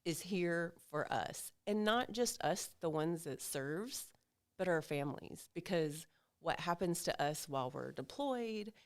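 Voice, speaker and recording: A woman's voice: lowish voice, animated, measured pace. A woman guest on a podcast, explaining an organization's work in a matter-of-fact way. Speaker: guest, association officer. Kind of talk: casual podcast interview.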